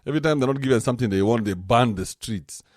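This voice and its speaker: A man hosting a podcast, talking in a casual, joking rant with an animated manner. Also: mid-range voice, quick pace, no echo, studio quality. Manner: animated, joking, swings into mocking put-on voices. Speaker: podcast host.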